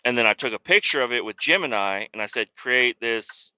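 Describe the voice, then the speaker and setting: A man hosts a podcast and tells his story in a loose, rambling way, with a lot of swearing. His voice is very bright and cutting. The recording sounds dull and lo-fi. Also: medium pitch, lively intonation, fast talker, clean tone. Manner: profane, storytelling, worked-up. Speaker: podcast host. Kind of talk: casual rambling monologue.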